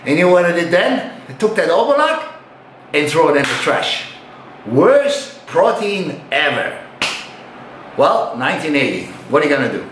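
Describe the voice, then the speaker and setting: A man's voice: a little high, very animated, moderate pace, a bit bright, slight background noise. An older man telling a story about his past in casual, profane speech, acting out his own reactions. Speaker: retired bodybuilder. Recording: roomy echo.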